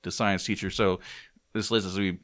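A podcast co-host recaps a comic in casual conversation, his low, slightly bright voice delivered flatly at a moderate pace. He briefly acts out the characters' lines.

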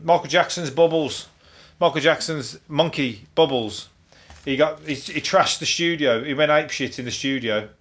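A man's voice: mid-range voice, a bit bright. A man hosting a solo podcast, ranting in a rambling, profane way with restarts and chuckles. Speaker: podcast host.

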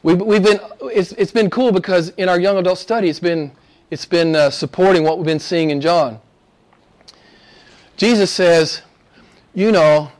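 Guy preaching a sermon, pretty high voice, chatty, lots of questions and repeats, goes soft then loud. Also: normal speed. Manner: conversational, rhetorical questions, repeats himself for emphasis; swings from quiet and low to loud, high and excited. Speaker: pastor.

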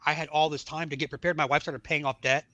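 Middle-aged guy telling his story, kinda high voice, bright, does everyone's lines in the story. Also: fast talker, no echo, dull audio. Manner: animated storyteller acting out dialogue. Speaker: podcast guest. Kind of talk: telling his life story in casual chat.

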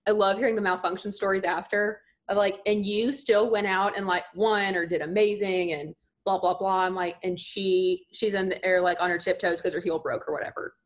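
A young woman talking casually, her voice sitting at an ordinary middle pitch. She chats freely and tells her stories with energy, sprinkling in plenty of "like.". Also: fairly quick, hardly any pauses. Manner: chatty, lots of "like" fillers, animated storytelling. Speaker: podcast guest. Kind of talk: casual chat.

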